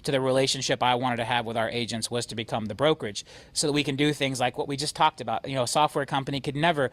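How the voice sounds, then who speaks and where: Man, company CEO, rapid rallying delivery, dry close sound, emphatic. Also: medium pitch, steady tone, fairly bright tone, no echo. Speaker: real estate brokerage CEO. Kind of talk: motivational company talk.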